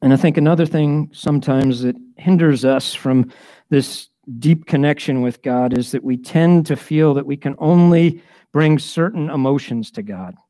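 A man's voice: fairly high pitch, normal speed, mellow, dry recording. Man preaching a sermon. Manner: conversational, acts out prayers in varied voices. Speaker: pastor.

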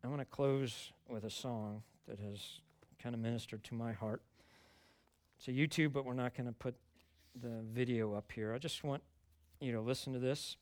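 Brief: middle-aged male pastor, plain mid-pitched voice, casual earnest preaching, close dry sound. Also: no room sound. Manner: conversational, earnest, rising to emphatic stresses. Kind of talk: sermon.

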